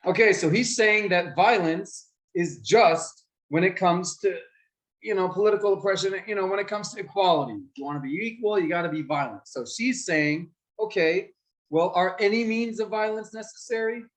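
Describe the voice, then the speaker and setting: Man teaching kids, lively and questioning. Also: high-pitched, moderate pace, rough recording. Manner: lively, asks the class questions and acts out examples. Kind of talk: explaining debate skills to children.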